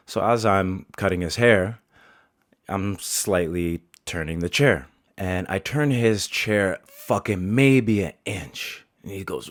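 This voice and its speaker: Low-voiced, profane barber telling a story. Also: male voice, a little slow, no room sound, clean studio sound. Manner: profane, laughing, casual. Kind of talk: casual storytelling.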